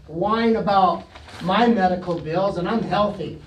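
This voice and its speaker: A man speaking at public comment in a council meeting, halting and clearing his throat, and growing indignant as he goes on. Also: high voice. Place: council chamber. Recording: echoey chamber, distant mic.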